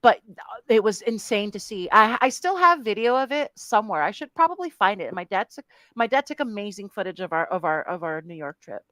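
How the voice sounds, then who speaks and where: A woman's voice: mid-range voice, animated, brisk, a bit bright, no echo. A woman co-hosting a podcast in casual chat, frank and swearing, laughing easily. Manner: frank, swears, laughs often, reflective when recounting. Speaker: podcast co-host.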